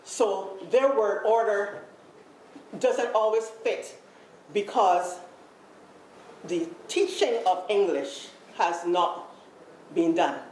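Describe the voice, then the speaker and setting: A woman's voice: medium pitch, takes it slowly, long pauses, darkish tone. A Barbadian woman leading a workshop on deafness, talking animatedly to a room and repeating herself as she calls people up. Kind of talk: lively live workshop talk to a group. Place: large room with an audience. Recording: echoey room, faint background noise.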